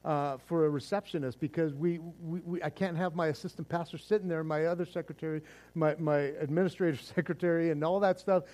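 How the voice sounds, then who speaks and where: A man's voice: on the high side, fairly even intonation, a little fast, a little mellow. A man preaching a sermon as pastor, fervent and casual, often repeating words as he restarts.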